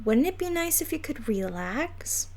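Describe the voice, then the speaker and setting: A woman's voice: high-pitched, very animated, a little slow, darkish tone, voice pushed up, heavily acted. A woman voicing a bossy, self-assured preteen girl, talking confidently and persuasively.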